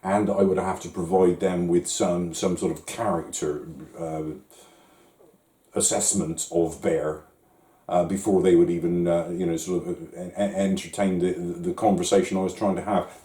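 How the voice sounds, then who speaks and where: A man talks slowly and haltingly, stumbling and restarting as he goes. His voice is very deep and dark, with a roomy echo around it. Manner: hesitant, many restarts and fillers. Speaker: vlogger. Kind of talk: reflective talk to camera.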